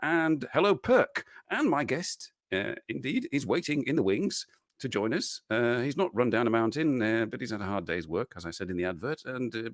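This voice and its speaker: A man hosting a live online interview chat over a video call, halting and repeating words, chuckling often. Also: medium pitch, lively intonation, dry recording, studio quality. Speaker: host.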